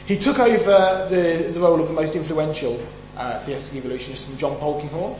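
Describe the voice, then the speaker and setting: Brit guy preaching sunday morning, kinda high voice, pushes his points hard, roomy hall w/ faint hum. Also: a little fast, darkish tone. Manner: emphatic, asks the audience questions. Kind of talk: sermon.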